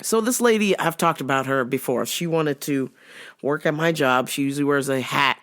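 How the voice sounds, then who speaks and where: A woman's voice: low-pitched, moderate pace. A woman hosting a podcast, telling a work story in a blunt, profane, casual comedic way. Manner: blunt, profane, laughs often. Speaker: podcast host.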